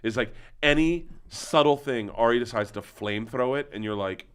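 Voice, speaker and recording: A man's voice: medium pitch, normal speed, a bit bright, clean tone. A man chatting casually as a comedian guest, telling rambling stories with lots of restarts and quoted asides. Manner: rambling storyteller, frequent restarts and acted-out quotes. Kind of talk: casual chat.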